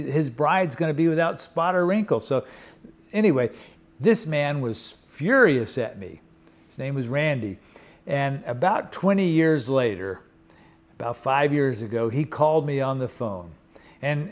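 A man's voice: a little high, darkish tone. An older man preaching a sermon in an earnest, conversational way, often checking in with the congregation. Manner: earnest, conversational preaching with frequent "okay?" and "you know". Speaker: pastor.

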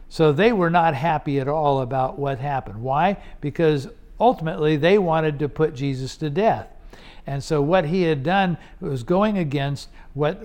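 A man's voice: fairly high pitch, darkish tone. A man teaching through a Bible passage verse by verse, explaining in a conversational way with rhetorical questions and frequent restarts.

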